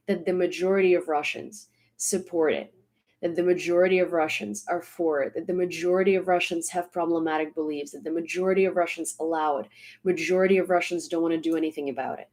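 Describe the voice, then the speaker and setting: A woman's voice: fairly low pitch, darkish tone. A woman delivering a blunt, exasperated vlog rant, hammering her points home by repeating them. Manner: emphatic, repeating points for stress. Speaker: social media commentator.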